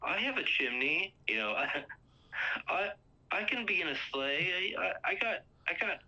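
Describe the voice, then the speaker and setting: A man's voice: high-pitched, very animated, moderate pace, bright, forceful tone, voice pushed up, exaggerated voice. A man voicing a boastful, tipsy male friend of Santa who stammers as he brags. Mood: bragging. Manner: stammering, bragging voice. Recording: lo-fi muffled sound.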